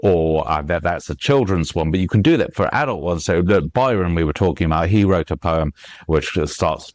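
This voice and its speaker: A man's voice: low voice, moderate pace, no echo. A man being interviewed as a guest author, explaining at length with frequent fillers and restarts, reciting lines of verse and tapping out their rhythms. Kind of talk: conversational podcast interview.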